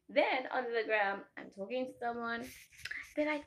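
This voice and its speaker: A young woman from Africa, chatting casually to camera and telling animated stories full of tangents and laughter. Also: sits high, moderate pace. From South Africa. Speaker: vlogger.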